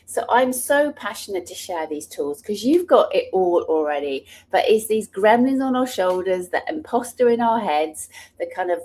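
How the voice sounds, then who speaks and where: A woman's voice: medium pitch, expressive, normal speed, a little mellow. A middle-aged woman, an author and speaker, telling personal stories in an earnest, passionate way, sometimes restarting her sentences. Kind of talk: personal storytelling talk.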